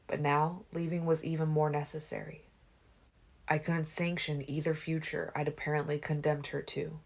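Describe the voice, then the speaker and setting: A woman reading a fan-made audiobook in a measured, quiet storytelling manner. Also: sits low, flat delivery, gravelly. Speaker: audiobook reader.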